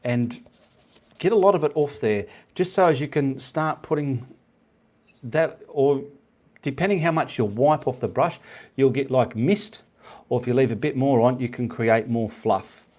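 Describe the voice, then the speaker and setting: A man's voice: medium pitch, a little slow, darkish tone. A middle-aged Australian man hosting a live painting stream, chatting casually with viewers and rambling, often checking in with "okay". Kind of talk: casual live-stream chat reading comments.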